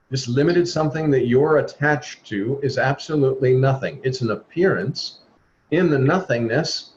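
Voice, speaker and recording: Man giving an earnest spiritual talk. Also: medium pitch. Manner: earnest, exhorting, acts out quoted voices. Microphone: video call. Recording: dull lo-fi video call audio with faint noise.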